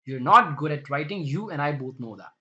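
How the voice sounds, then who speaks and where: A man's voice: fairly high pitch, animated, a little fast, bright, forceful tone, muffled recording. A man playing a stern, accusing young friend. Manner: firm, accusing.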